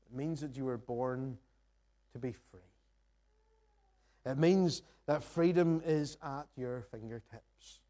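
A man's voice: mid-range voice, takes it slowly, long pauses, mellow. A man preaching a sermon in church, earnest and reflective, reading scripture and posing questions to the congregation. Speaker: pastor. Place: church sanctuary.

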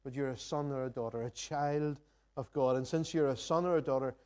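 In a church sanctuary, a male pastor gives a sermon from the front with a warm, mellow mid-range voice at a fairly quick pace. Reading scripture aloud, he reflects earnestly and poses searching questions to those gathered.

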